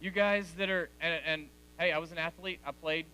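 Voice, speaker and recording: Speaking to teens in a church hall, a youth speaker in his forties delivers a direct, conversational sermon and addresses them as "guys." His slightly high voice has a sharp, steady tone at normal speed, with a little hiss or hum in the audio.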